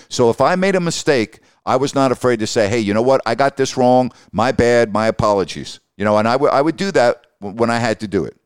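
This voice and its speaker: A man's voice: lowish voice, clean tone, no room sound, studio quality. An older man, a longtime basketball announcer, telling a story in an interview and acting out the quoted dialogue.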